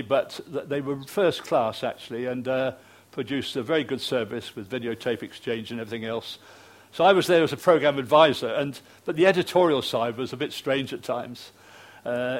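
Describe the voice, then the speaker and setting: An older British man, a retired television producer, telling anecdotes to an audience with frequent fillers and restarts. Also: mid-range voice. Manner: chatty storyteller, hesitant fillers and restarts.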